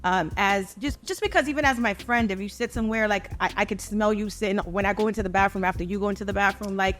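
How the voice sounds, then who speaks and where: A woman's voice: medium pitch, fast talker, fairly bright tone, soft background music. A woman in her thirties co-hosting a podcast in casual chat, assertive and blunt, telling stories with profanity. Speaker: podcast co-host.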